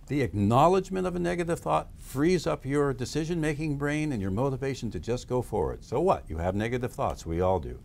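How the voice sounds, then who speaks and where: A man's voice: medium pitch, vocal fry, darkish tone. A man speaking as a guest, explaining ideas with enthusiasm and sometimes acting out little dialogues. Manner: enthusiastic, acts out dialogues in different voices. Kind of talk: animated explanatory talk.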